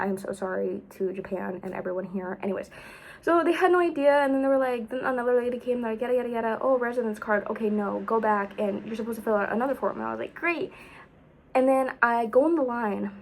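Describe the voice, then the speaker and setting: A young woman telling a rambling storytime vlog, full of fillers, jumping between loud exclaims and whispers. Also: a little high, low-quality recording. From United States. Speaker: vlogger.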